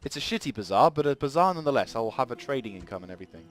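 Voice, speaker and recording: A man's voice: medium pitch, expressive, racing. A man giving rambling let's play commentary at a desk mic, thinking aloud as he plays. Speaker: gaming channel host.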